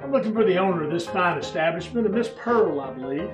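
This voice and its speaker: A man's voice: high voice, expressive, fast, reverberant, recorded from a distance, music in the background, rough recording. A man playing an earnest undercover government agent with polite manners.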